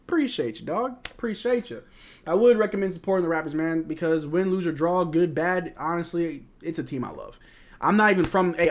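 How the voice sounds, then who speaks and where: A young American man hosting a live game watch-along, reading out chat questions and reacting to plays as a frustrated fan in casual, slangy banter. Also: a little high. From United States.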